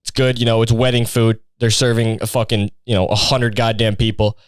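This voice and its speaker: A man's voice: medium pitch, little pitch movement, fairly quick, smooth, no room sound. A young man hosting a podcast, rambling sarcastically with lots of swearing in a casual comedic monologue. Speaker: podcast host.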